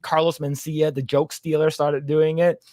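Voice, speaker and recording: A man's voice: fairly high pitch, flat delivery, normal speed, mellow, no room sound, studio quality. A man co-hosting a casual podcast chat, rambling with many fillers and laughing as he retells jokes. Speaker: podcast co-host.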